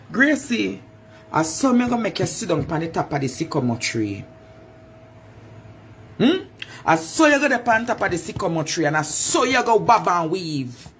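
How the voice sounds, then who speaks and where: A woman's voice: mid-range voice, a little hiss or hum. A Jamaican woman in a taunting, preacher-like monologue, repeating her phrases for effect. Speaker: vlogger. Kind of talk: confrontational monologue.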